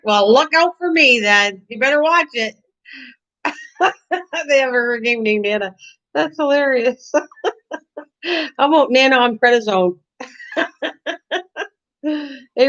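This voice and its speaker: A woman's voice: fairly high pitch, lively intonation, measured pace, long pauses, a bit bright. An older woman hosting a casual live stream from her home kitchen, chatting with viewers by name and laughing often. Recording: lo-fi stream audio.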